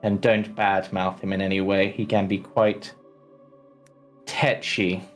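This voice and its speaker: A man's voice: low voice, flat delivery, slow pace, soft background music. A man voicing a cautious, polite village priest in a tabletop role-play, speaking hesitantly with many ums and restarts. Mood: earnest. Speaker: game master.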